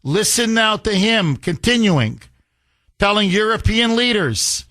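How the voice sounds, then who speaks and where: Talk radio guy ranting, sarcastic and punchy, high sharp voice, dry studio sound. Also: very animated, no room sound. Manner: combative, sarcastic, rapid-fire. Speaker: radio talk show host. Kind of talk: political talk radio commentary.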